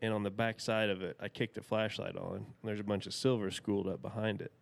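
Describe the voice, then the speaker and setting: A man's voice: on the low side, little pitch movement, fast, vocal fry. A man in his thirties, a podcast guest telling a rambling, folksy story and laughing often. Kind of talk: casual storytelling.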